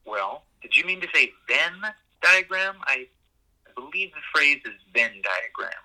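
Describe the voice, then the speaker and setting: A man's voice: a little high, big pitch swings, measured pace, bright, forceful tone, exaggerated voice. An actor playing a timid, eager-to-please male assistant who stammers and hesitates, heard over a tinny phone-like line. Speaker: assistant character.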